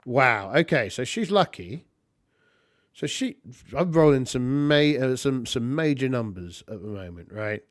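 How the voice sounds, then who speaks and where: Slow, muttering man playing solo. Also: mid-range voice, lively intonation, no echo, studio quality. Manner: halting, muttering counts to himself. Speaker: solo tabletop player and narrator. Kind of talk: casual solo game play, thinking aloud.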